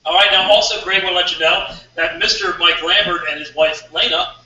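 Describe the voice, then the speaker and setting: Male radio host, far from mic, echoey room, fast and sharp. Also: high-pitched, fairly even intonation. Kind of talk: live talk radio hosting. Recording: roomy, distant, dull mic sound.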